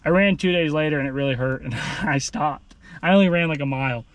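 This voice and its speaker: A male vlogger with a fairly quick voice on the high side rambles and jokes casually in a running vlog, sweaty and out of breath. He talks into a handheld phone outdoors, with a rambling, jokey, self-deprecating manner.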